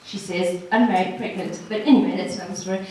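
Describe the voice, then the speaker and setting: A woman's voice: lowish voice, fairly even intonation, quick pace, warm tone, a little hiss or hum. A woman giving an earnest, encouraging personal testimony to a ladies' gathering, speaking straight to the audience. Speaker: guest speaker. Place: hall at a ladies' social evening. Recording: echoey room from far off.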